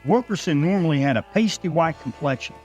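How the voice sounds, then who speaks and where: A man's voice: fairly high pitch, lively intonation, brisk, darkish tone, soft background music. A man narrating a first-person ranch story in a dry, folksy way, with a Texan accent.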